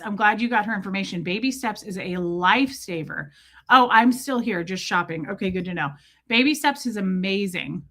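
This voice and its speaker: A woman hosting a casual livestream, chatting and greeting viewers by name in quick bursts, a bit breathless in a warm small room. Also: mid-range voice. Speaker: livestream host. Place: small room with door shut.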